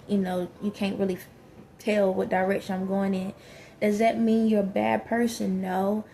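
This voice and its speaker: A woman's voice: mid-range voice, mellow, a little hiss or hum. A woman talking frankly and emphatically in a casual monologue, with many fillers. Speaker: vlogger.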